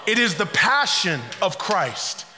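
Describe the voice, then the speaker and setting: Very high-voiced, bright preacher man. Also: sing-song, slow, long reverb tail. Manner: dramatic swings between soft quiet passages and shouted climaxes. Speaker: pastor. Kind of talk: sermon.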